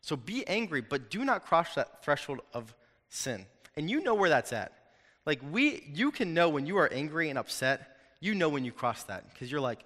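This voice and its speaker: A young man giving a sermon in a casual, animated way, joking with his listeners. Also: on the high side, fairly quick. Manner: animated, conversational, jokes with the audience. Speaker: preacher. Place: hall with an audience. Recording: long hall reverb.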